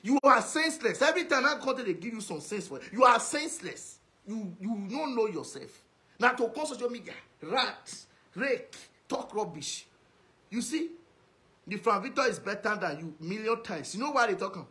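A man with a high-pitched voice and a Nigerian Pidgin accent, ranting straight at someone in a video message. He scolds and insults, hammering the same put-downs again and again. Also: lively intonation, normal speed, pushed and bright. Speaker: social media commentator.

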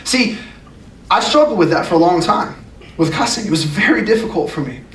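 Male youth pastor, high voice, earnest sermon, recorded from afar in an echoey room. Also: lively intonation, brisk, a bit bright. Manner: earnest, emphatic, repeats phrases. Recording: echoey room, distant mic, faint noise.

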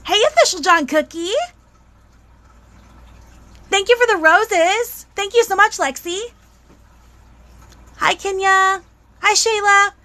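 A woman's voice: very high voice, takes it slowly, long pauses, pushed and bright. A young woman, chatting bubbly on a live stream as she unboxes toys and greets viewers.

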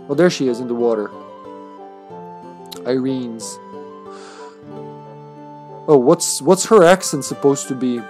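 A man's voice: mid-range voice, animated, takes it slowly, long pauses, darkish tone, soft background music. Chatty man streaming a game. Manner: rambling, chuckles often between thoughts. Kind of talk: casual live-stream chat while playing.

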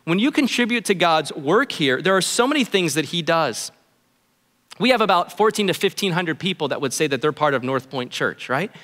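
A male pastor preaching a sermon in an earnest, animated way, voicing what his listeners might think. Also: on the high side, normal speed, long reverb tail. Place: church auditorium.

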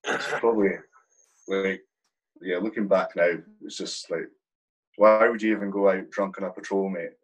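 A man's voice: sits low, fairly even intonation, moderate pace, pauses often, slightly rough, rough recording. A man guesting on a podcast, telling army stories in a rambling, swear-filled way, calling the host "mate" constantly. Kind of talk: casual storytelling.

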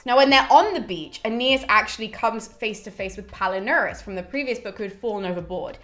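A woman casually retelling a myth in a chatty, animated way with the odd swear word. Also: mid-range voice. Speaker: mythology channel host.

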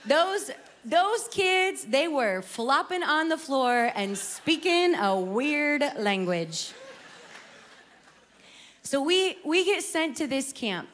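A woman's voice: high-pitched, fairly bright tone. Heartfelt woman telling her testimony. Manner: heartfelt storytelling, acts out her younger self. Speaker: singer sharing her testimony. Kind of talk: personal testimony talk.

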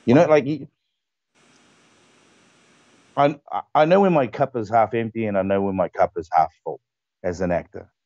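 A male actor chatting as a guest on a live stream, telling his stories in an animated, emphatic way. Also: lowish voice, moderate pace, long pauses, no room sound, highs cut off. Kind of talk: casual interview chat.

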